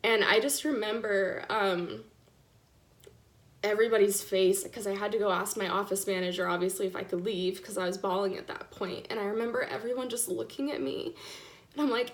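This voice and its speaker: A woman's voice: medium pitch, fairly even intonation, fairly quick. A young woman in her twenties tearfully telling her son's diagnosis story, casual and candid, with many fillers. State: tearful, apologizing for crying. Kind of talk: emotional personal storytelling. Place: live stream.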